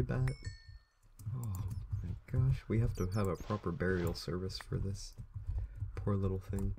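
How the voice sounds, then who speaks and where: A man's voice: low-pitched, measured pace, vocal fry, dark tone, slight background noise. A young man chatting to viewers in a rambling way while he plays through a video game. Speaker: gameplay commentator. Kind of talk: casual let's play commentary.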